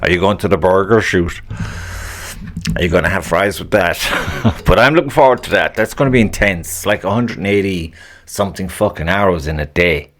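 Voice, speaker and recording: A deep-voiced man hosts a solo podcast in a loose, rambling rant. He swears constantly, grumbles with open annoyance, and chuckles at his own jokes between thoughts. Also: brisk, fairly bright tone. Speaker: podcast host.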